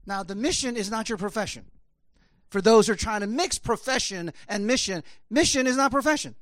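A man's voice: high-pitched, fairly quick, fairly bright tone, no room sound, studio quality. A man preaching a conversational sermon, rambling with many fillers. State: choked up, emotional. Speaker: pastor.

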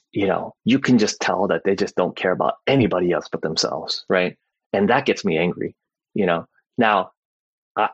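A man with a low, husky voice teaches from the Bible in a loose, conversational way. He keeps tagging his points with "right?" and fills his talk with "like" and "you know." The sound is close and dry. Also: fairly bright tone, no room sound, highs cut off. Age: adult parent.

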